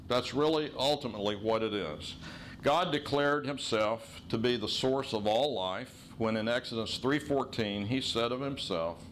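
A middle-aged man preaching a sermon as pastor, teaching in an earnest tone and slowing to stress key phrases. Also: mid-range voice, fairly bright tone, a little hiss or hum.

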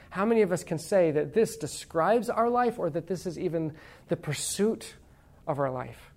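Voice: mid-range voice, expressive, moderate pace, a little mellow. Conversational preacher with wry asides. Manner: conversational, rhetorical questions, playful asides; reads quotations aloud with emphasis. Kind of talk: sermon.

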